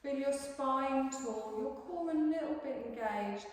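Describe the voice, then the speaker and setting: A woman teaching a yoga class, guiding a calm relaxation in a soothing, gently coaxing voice. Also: high voice, a little slow. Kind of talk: guided relaxation instruction. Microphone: distant room mic. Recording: echoey hall from far off.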